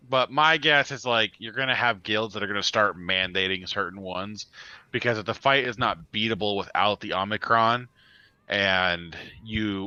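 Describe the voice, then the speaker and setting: A man's voice: fairly low pitch, pushed and bright, no echo. A man co-hosting a gaming live stream in casual chat, laughing now and then between points. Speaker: co-host of a game live stream. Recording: dull, lo-fi sound.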